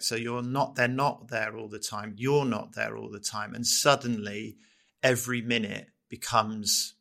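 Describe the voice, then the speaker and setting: A middle-aged man co-hosting a podcast, talking in an earnest, halting way and often restarting his sentences as he reflects. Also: fairly low pitch, creaky, pushed and bright. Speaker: podcast co-host.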